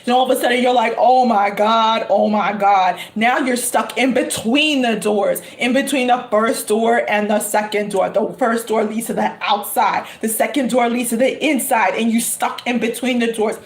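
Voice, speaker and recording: A woman, a tarot reader telling a lively story with dramatic, drawn-out exclamations. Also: on the high side, echoey room. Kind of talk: animated storytelling.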